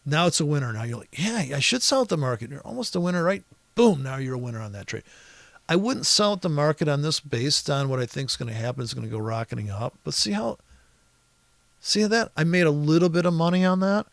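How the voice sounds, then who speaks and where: A man with a somewhat high, gravelly voice talks through a price chart on a screen recording, a little fast and with lively intonation. Exasperated and sarcastic, he swears freely and rambles through restarts and asides. The sound is dry and close, with no echo.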